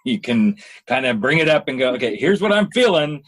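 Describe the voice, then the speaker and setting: A man hosting a podcast interview, telling stories in an animated way and laughing often. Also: medium pitch, brisk. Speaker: podcast host. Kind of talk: casual interview chat.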